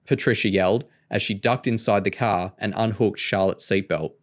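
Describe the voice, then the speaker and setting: A man reading a novel aloud in an even, steady narration. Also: on the low side, normal speed, few pauses. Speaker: audiobook reader.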